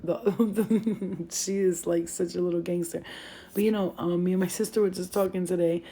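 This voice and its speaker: A woman in her thirties telling casual, animated stories to her viewers, using a lot of slang and swearing freely. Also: lowish voice, moderate pace, slightly rough. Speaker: vlogger. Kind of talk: casual storytelling to camera.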